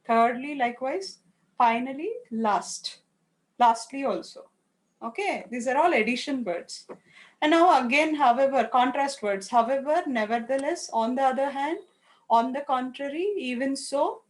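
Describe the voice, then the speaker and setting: Female tutor, high voice, slow word-by-word list reading with short explanations. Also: rough recording. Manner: reads lists of words one by one, explains with simple examples. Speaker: English teacher. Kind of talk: online lesson, reading word lists.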